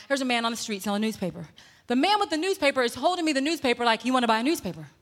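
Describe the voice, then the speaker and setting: A woman preaches with a bright, forceful voice pitched a little high. She mixes jokes with emphatic, shouted points. Her voice rings out in a long reverb, as in a big church. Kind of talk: sermon. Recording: long reverb in a large hall.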